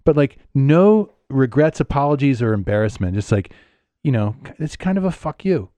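A man's voice: medium pitch, lively intonation, moderate pace, dark tone, no echo. A man co-hosting a casual podcast chat, emphatic and opinionated, laughing now and then. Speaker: podcast co-host.

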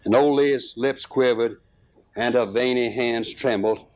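A man reading a rural tale aloud as narrator, unhurried, with small restarts and fillers. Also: medium pitch, fairly even intonation, darkish tone.

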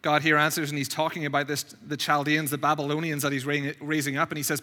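A man with a very bright, fairly high voice gives a sermon as a visiting preacher. He talks in a chatty, storytelling way and often repeats his words as he goes. His voice rings out with a long reverb through the church sanctuary. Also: flat delivery, fast talker, hardly any pauses. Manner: conversational, anecdotal, repeats words. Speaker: guest preacher.

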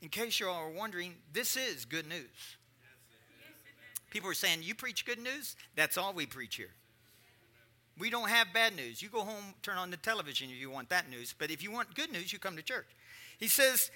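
Man, pastor, high voice, emphatic sermon, joking asides. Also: very animated, normal speed, pushed and bright.

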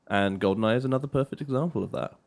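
Measured man in casual podcast chat. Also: mid-range voice, gravelly, a little mellow. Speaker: podcast co-host. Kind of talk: casual chat about games.

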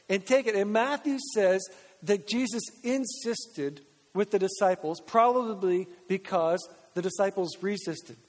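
A man, a pastor from Canada, preaching a conversational sermon with joking asides and acted-out dialogue. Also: sits high. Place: church sanctuary. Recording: church hall reverb.

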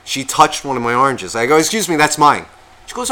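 Pitched on the high side and moving fairly quickly, his voice comes out pushed and bright. The ill co-host rambles through a long, crude story at his own expense on a podcast, imitating what others told him, all in easygoing storytelling talk.

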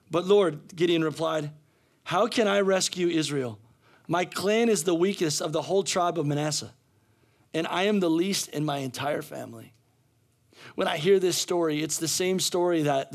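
A male pastor delivers a sermon full of repetitions and restarts, shifting from soft, low speech to loud shouting.

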